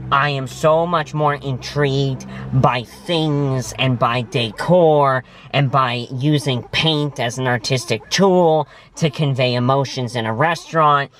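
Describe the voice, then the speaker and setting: A man's voice: mid-range voice, slow pace, hardly any pauses, a bit bright. A man hosting a casual food review vlog from inside a parked car, talking in an emphatic, gushing way with dramatic word choices. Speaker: vlog host. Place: parked vehicle.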